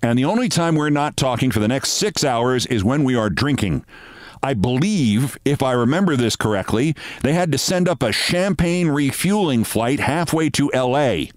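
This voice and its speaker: A man in his sixties, hosting and telling a brisk anecdote, acting out the dialogue of the people in it. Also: medium pitch, lively intonation, dry recording. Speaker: host. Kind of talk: anecdotal storytelling monologue.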